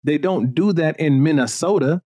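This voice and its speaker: A man's voice: on the high side, moderate pace, no room sound, studio quality. A man from Jamaica hosting a podcast, chatting casually and giving strong opinions with lots of fillers. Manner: animated and opinionated, with frequent fillers. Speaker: podcast host. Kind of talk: casual chat.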